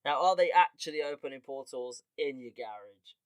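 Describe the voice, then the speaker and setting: A man's voice: mid-range voice, normal speed, clean tone, dry recording. Man hosting a comedy podcast, laughs a lot, swears, medium voice, dry close sound. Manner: animated, laughs often, swears casually. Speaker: podcast host. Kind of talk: casual comedic monologue.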